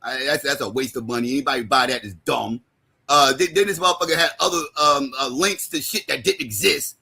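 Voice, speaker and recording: A man delivering a profane, heated roast rant on a livestream, mocking and often shouting. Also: medium pitch, fairly quick, gravelly, husky.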